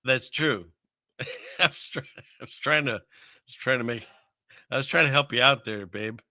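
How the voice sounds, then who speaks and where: This older man's voice sits in the mid-range, pushed and bright, moving at a moderate pace on a dry recording. He's at his computer in a small upstairs room above a fireplace, hosting a casual live stream where he rambles, jokes about himself, and often stumbles into fillers and restarts.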